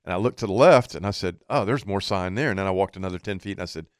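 A man's voice: low voice, rapid-fire, no echo, studio quality. A man telling a hunting story in casual chat, acting out what he and his buddy said. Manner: animated storyteller, quotes himself and others.

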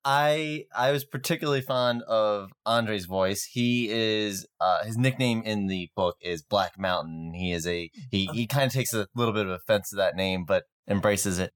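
Low-voiced man in casual chat. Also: moderate pace, few pauses, clear, resonant tone. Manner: thoughtful, hesitant restarts. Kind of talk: casual book discussion.

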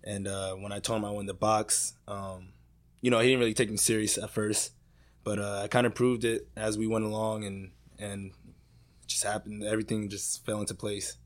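A young man, a boxer, answering interview questions in an easygoing way, pausing often with ums. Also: on the low side, level tone. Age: young adult. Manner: easygoing, hesitant, many ums. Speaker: boxer, guest.

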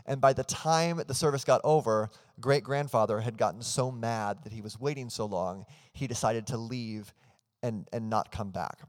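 A man's voice: mid-range voice, normal speed, big-room sound. A man in his thirties preaching a sermon as pastor, telling a family story earnestly and leading into prayer. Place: church hall.

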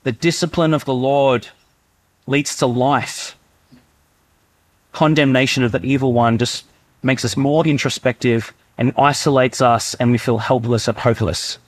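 A man's voice: mid-range voice, fairly even intonation, measured pace. A man preaching a sermon in a conversational way, sometimes acting out inner voices. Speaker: pastor.

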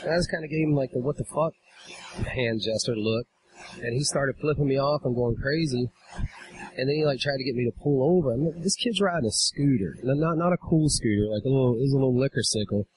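A man in casual podcast chat, swearing freely and growing animated as he retells a quarrel. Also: mid-range voice, quick pace, crowd noise, rough recording. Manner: profane storyteller, animated when retelling a quarrel. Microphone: drifts from the mic at times.

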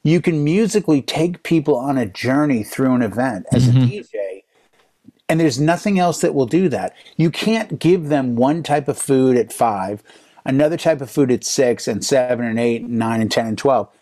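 A man in his fifties, a DJ, telling a string of stories in a relaxed chat. His pitch sits in a middle range, and he gets animated as he acts out what other people said. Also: moderate pace. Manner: animated storyteller, voices other people's lines in quotes. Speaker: DJ and podcast co-host. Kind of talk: casual chat.

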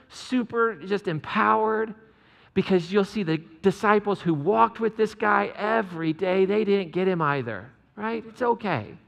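A man's voice: high-pitched, gravelly, a bit bright, big-room sound. A man preaching a conversational sermon, joking with the congregation in chatty asides. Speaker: pastor.

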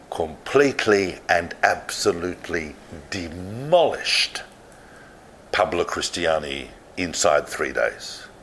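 A man giving a history lecture to a live audience, telling the story in an animated way and speaking directly to the listeners. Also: sits low, slight background noise.

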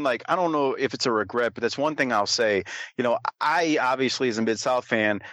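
A man's voice: fairly low pitch, a bit bright, dry recording, studio quality. A man co-hosting a wrestling podcast, talking in a rambling, casual way with frequent restarts. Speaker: wrestling review podcast co-host. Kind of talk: casual chat.

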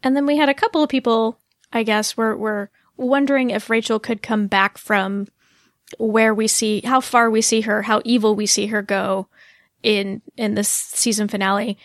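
A woman co-hosting a chatty podcast, her voice sitting a bit high. She is animated and laughs easily. Her sound is dry and close, with no room around it. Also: moderate pace, no room sound. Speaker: podcast co-host. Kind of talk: casual chat.

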